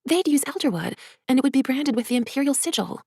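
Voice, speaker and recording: A woman voicing a playful young female courtesan spy in a storybook reading, with a high coaxing lilt. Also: animated, fast, darkish tone, husky, no room sound, clean studio sound, exaggerated voice.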